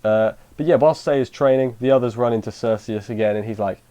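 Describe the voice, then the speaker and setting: A man rambles through an anime episode review in a loose, conversational way. His voice sits mid-range and sounds warm and mellow. He keeps restarting his thoughts and slips in offhand paraphrases of the characters. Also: mid-range voice, brisk, clean tone. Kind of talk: casual spoken episode review.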